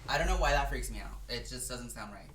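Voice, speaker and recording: Quick-joking podcast host. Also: mid-range voice, animated, a bit bright, slight background noise. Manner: quick, joking reactions and interjections. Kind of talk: casual chat.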